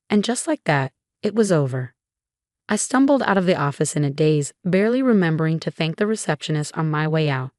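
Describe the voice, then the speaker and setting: A woman with a fairly low voice narrates a dramatic first-person story with expressive delivery. The recording is close and dry, with no room sound. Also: brisk, no echo.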